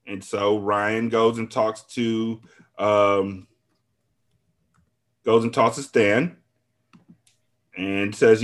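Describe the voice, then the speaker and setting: A man hosting a podcast, recapping an episode in a casual, profane, storytelling way with quick asides. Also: on the low side, fairly even intonation. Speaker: podcast host.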